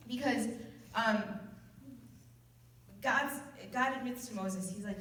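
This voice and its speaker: A woman's voice: mid-range voice, unhurried, long pauses, a bit bright. A woman giving an informal youth sermon in an earnest, conversational way, often restarting her sentences. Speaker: youth group speaker. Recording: echoey room from a distance.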